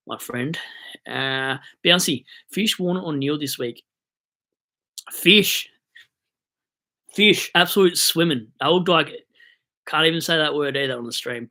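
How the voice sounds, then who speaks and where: A man's voice: medium pitch, pushed and bright. A young Australian man rambling and joking on a casual live stream about fantasy football, buzzing on coffee. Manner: rambling, jokey, hyped on coffee.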